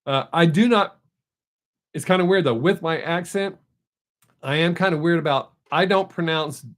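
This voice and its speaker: A man's voice: fairly high pitch, normal speed, pauses often. A middle-aged man, chatting loosely and profanely with viewers as a live-stream host. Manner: rambling, loose and profane, with frequent restarts. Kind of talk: casual live-stream chat.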